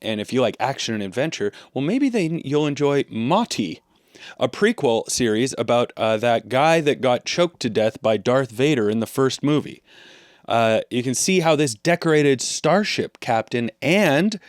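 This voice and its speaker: A man co-hosting a comedy podcast, riffing deadpan on made-up streaming shows. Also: medium pitch, moderate pace, no room sound, clean studio sound. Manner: deadpan, riffing on fake products. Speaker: podcast co-host. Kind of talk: improvised comedy banter.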